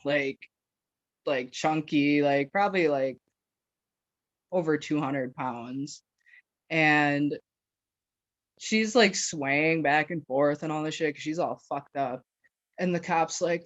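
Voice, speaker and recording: A woman's voice: low-pitched, no echo. Woman from Wisconsin, podcast guest spinning a story, foul-mouthed and giggly, heard on a dead, muffled lo-fi track. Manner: profane, rambling, laughs often, filler-heavy. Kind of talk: casual storytelling. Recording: dull, dry lo-fi recording.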